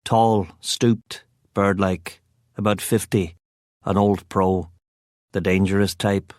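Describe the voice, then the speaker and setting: A man's voice: lowish voice, steady tone, slow pace, darkish tone, dry recording. A man narrating a first-person crime novel as an audiobook, with a wry, sardonic delivery on a close studio mic.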